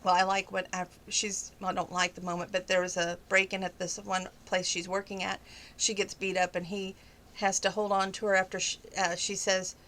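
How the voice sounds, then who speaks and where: A woman's voice: medium pitch, flat delivery, moderate pace, fairly bright tone, a little hiss or hum. A woman vlogger in casual chat, retelling a favorite show in a rambling, eager way with many restarts.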